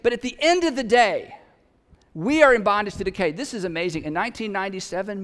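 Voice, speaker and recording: A man's voice: high-pitched, lively intonation, quick pace, a bit bright, long reverb tail. A man preaching a sermon in a conversational, humorous way, with emphatic peaks. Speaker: pastor.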